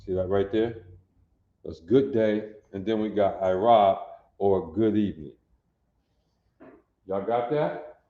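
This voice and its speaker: A man's voice: fairly low pitch, slow pace, pauses often. A man teaching a language class, repeating words and drilling pronunciation insistently. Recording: echoey, dull lo-fi room.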